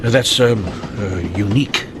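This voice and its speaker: An actor as a stubborn inspector. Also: male voice, on the low side, a little slow, background noise, close to an everyday voice. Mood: reserved. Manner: formal, clipped, reserved. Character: dogged, proud English police inspector, adult man. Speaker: police inspector. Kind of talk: radio drama acting.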